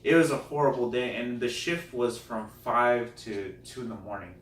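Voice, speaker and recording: A man's voice: medium pitch, steady tone, normal speed. Man telling a self-deprecating comic story. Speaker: comedian guest. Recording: roomy, distant mic, faint noise.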